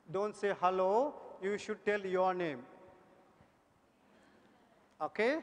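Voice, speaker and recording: A man, an energetic conference presenter coaxing an audience through speaking drills with repeated cues. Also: high voice, a little slow, long pauses. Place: large conference hall. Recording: long hall reverb.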